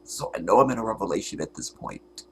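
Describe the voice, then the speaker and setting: A man's voice: on the low side, animated, fairly bright tone, a little hiss or hum. Tearful man on a fervent live stream. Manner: fervent, halting, drops to whispers. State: tearful, holding back crying. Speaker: livestream host. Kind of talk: emotional livestream monologue.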